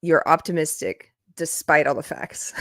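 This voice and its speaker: A woman with a low voice hosts a relaxed livestream, chatting loosely, wandering into asides and breaking into laughter. The sound is dry and close, with little room around it. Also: a little slow, dry recording. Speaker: livestream host. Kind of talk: casual live chat. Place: indoors, upstairs room.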